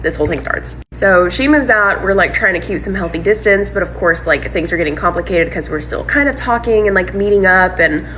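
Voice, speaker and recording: A woman telling a personal story in a casual monologue, animated and full of "like" and "um". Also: mid-range voice, fairly quick, hardly any pauses, slight background noise, poor audio. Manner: animated retelling, heavy use of "like" and "um". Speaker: storyteller recounting her breakup.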